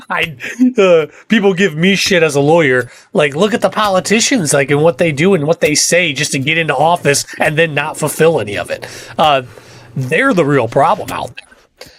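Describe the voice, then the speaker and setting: A middle-aged man gets worked up on his gaming livestream. He rants and cusses in a casual, heated way. His voice sits a little high, and faint clicks of keys come through under his talk. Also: fairly bright tone, a little hiss or hum. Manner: fired-up ranting with cussing and laughs. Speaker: livestream gamer.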